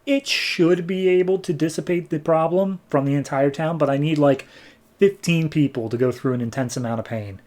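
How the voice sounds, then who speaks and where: A man's voice: on the high side, moderate pace, darkish tone, close to an everyday voice. A man voicing a brash, flippant male mercenary antihero in a comic recap, with an offhand, sarcastic delivery.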